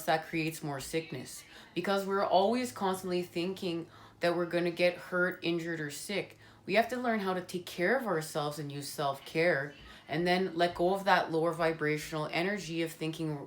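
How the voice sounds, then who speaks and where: A woman giving a spiritual tarot card reading at home, talking earnestly and passionately with a rambling flow. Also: low-pitched.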